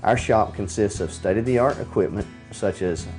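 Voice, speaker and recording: Low-voiced man reading a local ad. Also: moderate pace, a little mellow, soft background music. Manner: plain, reading from script. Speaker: business manager in an ad. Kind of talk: scripted radio ad read.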